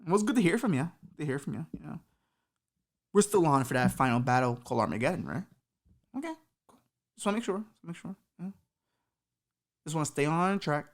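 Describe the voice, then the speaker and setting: Satan blasé et décontracté joué par une femme. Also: female voice, low-pitched, big pitch swings, brisk, pauses often. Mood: chatty. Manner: laid-back, slangy, offhand. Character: bored casual male Satan ruling hell.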